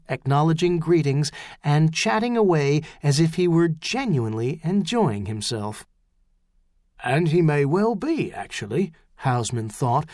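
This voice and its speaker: A man narrating an audiobook in a steady, measured way, his voice sitting a little high for a man. It is recorded close on the mic, in a dead, dry space with no room sound. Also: no echo. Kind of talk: scripted narration.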